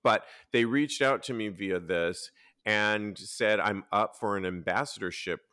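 Recorded in a clean studio without echo, a man with a fairly low voice hosts a laid-back podcast at a measured pace. His storytelling is animated, full of acted-out quotes and plenty of swearing.

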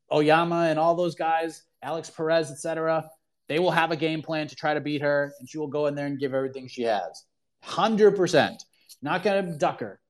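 Emphatic man hosting a call-in show. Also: a little high. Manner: emphatic, opinionated, talks in bursts with restarts. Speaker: host of a call-in MMA talk show. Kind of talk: casual call-in chat. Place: online audio room.

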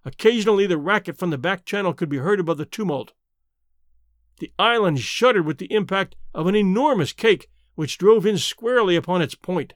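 A man reading an adventure story aloud as narrator, with an expressive, dramatic delivery on a close mic. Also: high voice, brisk, no room sound. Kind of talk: scripted audiobook narration.

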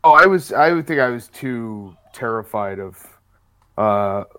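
Male podcast co-host, mid pitch, quick casual chatter. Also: animated, sharp tone, smooth. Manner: quick, chatty, lots of fillers. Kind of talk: casual chat.

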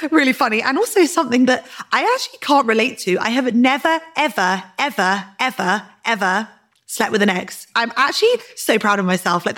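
A woman's voice: medium pitch, fairly bright tone. A woman hosting a podcast, chatting candidly and emphatically with plenty of repetition and laughter. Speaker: podcast host. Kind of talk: casual podcast chat.

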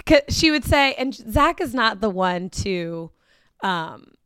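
A woman's voice: mid-range voice, lively intonation, slow pace, fairly bright tone, smooth, dry recording, studio quality. A woman co-hosting a podcast in casual chat, who laughs often and trails off mid-sentence. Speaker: podcast co-host. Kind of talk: casual chat recapping a reality show.

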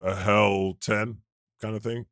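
A man playing God as host of a comedy podcast, casual and deadpan as he plugs the show. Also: lowish voice, takes it slowly, dry recording, studio quality. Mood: laid-back. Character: God, a laid-back male deity hosting a podcast.

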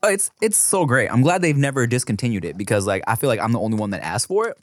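A man's voice: mid-range voice, fast, no echo. A man in his thirties, a podcast co-host, telling stories in casual chat, swearing and acting out voices as he goes. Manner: animated storyteller, swearing, acts out voices.

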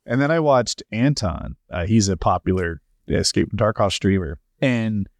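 A man's voice: fairly low pitch, lively intonation, moderate pace, vocal fry, no room sound. A man co-hosting a casual podcast chat, telling self-deprecating stories. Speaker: podcast co-host.

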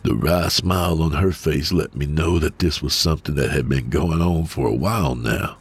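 A man giving a steady, measured first-person reading of a scripted horror story. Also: a bass voice, husky. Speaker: narrator.

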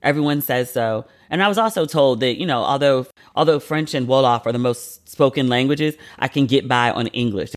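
Chatty, expressive man hosting a podcast. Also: mid-range voice, moderate pace, hardly any pauses. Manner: chatty and expressive, swears freely, laughs at himself. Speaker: podcast host. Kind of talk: casual chat.

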